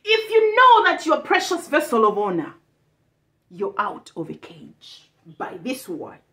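A woman preacher delivering an impassioned sermon. She repeats rhetorical lines and breaks into bursts of shouting. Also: very high-pitched.

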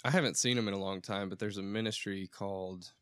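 A man's voice: deep voice, steady tone, quick pace, fairly bright tone, no room sound. A man co-hosting a casual talk podcast, joking and laughing often while getting over a cold. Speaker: podcast co-host. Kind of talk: casual chat.

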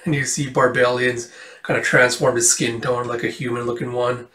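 A man's voice: mid-range voice, flat delivery, normal speed, pushed and bright. A man casually reading through a comic book, rambling with many fillers. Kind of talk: casual comic read-along. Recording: roomy, distant mic.

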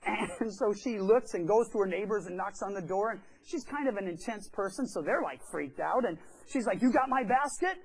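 A man's voice: high-pitched, normal speed, creaky, hardly any pauses, poor audio. A pastor telling a story during a sermon in a church. He talks in a chatty way and acts out the quoted voices. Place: church sanctuary.

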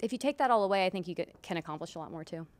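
A woman's voice: lowish voice, animated, racing. Earnest woman guest on a podcast. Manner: earnest, motivational, thinking aloud. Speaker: musician guest. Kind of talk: casual podcast conversation. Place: room in Nashville.

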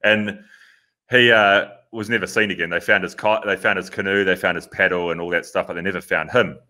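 A man, a podcast co-host recounting a story in relaxed, halting casual chat. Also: deep voice.

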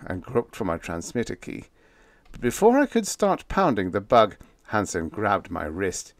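A man narrating a humorous story in the first person, with lively, expressive storytelling. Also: fairly low pitch, measured pace, no room sound, clean studio sound. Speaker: audiobook narrator.

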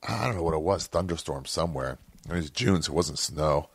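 A man's voice: rumbling low, animated, a little fast, husky, dry recording. A man hosting a podcast, telling a long rambling story in casual, profane talk, often correcting himself mid-sentence. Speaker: podcast host.

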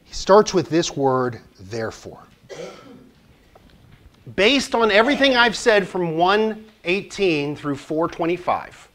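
A man's voice: on the high side, expressive, unhurried, fairly bright tone. A man teaching a church Bible study class in a conversational way, asking the group questions and joking lightly.

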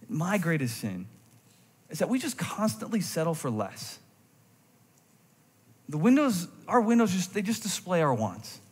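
A man delivers a sermon with a fairly high-pitched voice, swinging between intense emphasis and hushed reflection. His words ring out with a long reverb in a church sanctuary. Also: slightly rough. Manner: animated, shifting from intense emphasis to quiet reflective tones. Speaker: pastor.

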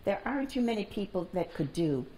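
A woman in her nineties being interviewed, telling family stories in a calm, deliberate way in a library reading room. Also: medium pitch, a little hiss or hum. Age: 90s. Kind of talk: storytelling in an oral history interview.

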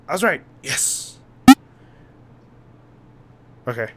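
A young man doing let's play commentary, frantic and yelling in mock panic, then calming down. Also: a little high, moderate pace, long pauses, noisy background. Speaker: gaming YouTuber.

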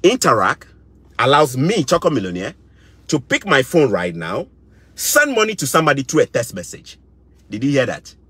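A husky-voiced middle-aged man with a Ghanaian English accent delivers fired-up commentary. His pitch swings widely as he hammers his points home, repeating phrases and sounding indignant. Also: sing-song, normal speed, pushed and bright, no room sound. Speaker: vlogger. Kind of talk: impassioned commentary.

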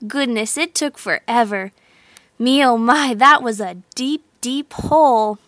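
A woman tells a children's story in a slow, expressive way. Her voice is high and bright. The sound is close and dry. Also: no echo. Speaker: narrator. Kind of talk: storybook narration translated from sign language.

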